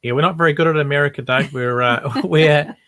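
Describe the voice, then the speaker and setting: A man from New Zealand co-hosting a beekeeping podcast, upbeat and chatty with quick affirmations. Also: on the high side, bright, forceful tone, dry recording. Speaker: podcast co-host. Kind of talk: casual live Q&A chat.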